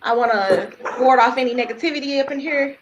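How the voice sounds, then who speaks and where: A woman's voice: high voice, brisk, lo-fi sound, background noise. A woman hosting a livestream in casual chat from home, talking loosely with slang and laughing often. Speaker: livestream host. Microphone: computer mic on a live video call.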